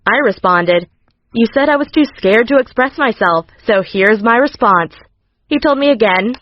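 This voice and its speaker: A woman's voice: mid-range voice, animated, measured pace, no echo. Sassy woman narrating, dry lo-fi sound. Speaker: storytime narrator. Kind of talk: scripted first-person narration.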